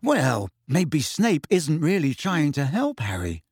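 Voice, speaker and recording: A man reading aloud, voicing a gloomy, suspicious teenage boy who talks slowly. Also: on the high side, wildly swooping pitch, darkish tone, husky, no echo, clean studio sound, exaggerated voice. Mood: dark, suspicious.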